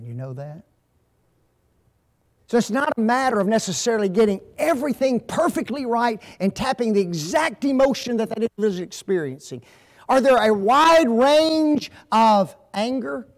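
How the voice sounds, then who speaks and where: A man speaking as a guest at a marriage seminar, asking the audience to fill in the blanks. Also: high-pitched. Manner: asks fill-in-the-blank questions.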